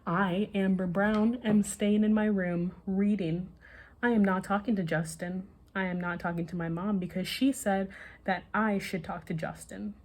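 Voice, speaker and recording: A woman reading a children's bedtime story aloud in an expressive, lively way. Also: mid-range voice, normal speed.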